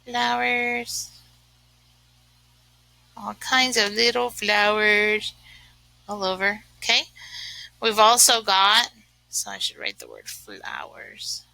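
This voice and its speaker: A woman's voice: mid-range voice, animated, slow pace, creaky, pauses often, pushed and bright, no echo, rough recording. A woman teaching a remote lesson, chatting and thinking aloud as she writes, with many fillers. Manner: chatty, uses lots of fillers. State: sneezing from allergies.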